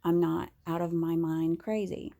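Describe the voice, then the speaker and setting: Gravelly, dark-voiced woman vlogging. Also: lowish voice, steady tone, unhurried. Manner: candid and rambling, with many fillers and restarts. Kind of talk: casual monologue to camera.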